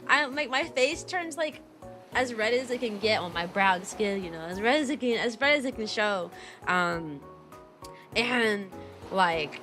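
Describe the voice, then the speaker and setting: A young woman chatting on a casual stream, telling rambling stories full of fillers and sudden high-pitched jumps. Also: sharp tone. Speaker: VTuber streamer and kindergarten teacher.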